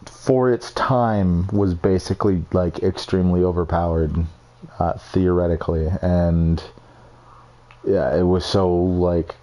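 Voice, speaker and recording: A young man with a deep, dark, steady voice strolls unhurriedly through his game builds in a casual screen recording. He rambles, swears freely, and runs down his own work as he shows off what he's made.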